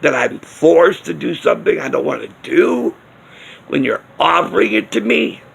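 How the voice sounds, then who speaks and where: A man's voice: fairly high pitch, very animated, moderate pace, gravelly, slightly rough. A man ranting indignantly in a casual vlog, firing off rhetorical questions. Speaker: video blogger. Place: outdoors near a smoking area.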